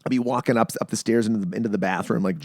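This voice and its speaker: A man's voice: lowish voice, steady tone, very fast, darkish tone, no room sound, studio quality. A man hosting a podcast, chatting casually and telling long, profane stories in which he acts out the other people's lines. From Canada. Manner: swearing storyteller, acts out quoted voices. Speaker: podcast host. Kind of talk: casual chat.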